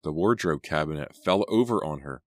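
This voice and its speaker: A shaken, breathless teenage heroine, barely changed from a male reader's own very deep voice. The recording is dry and close, like a home audiobook booth. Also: animated, normal speed, no echo. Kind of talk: audiobook character voice.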